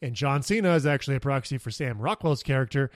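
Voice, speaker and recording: A man co-hosting a casual movie review podcast, recapping scenes with excitable storytelling. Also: medium pitch, fast talker, no echo, studio quality. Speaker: podcast co-host.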